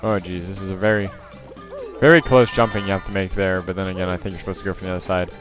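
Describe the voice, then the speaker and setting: A man with a low, steady voice talks fast with faint music behind him. As a let's play host giving casual gameplay commentary, he rambles with lots of fillers and self-corrections.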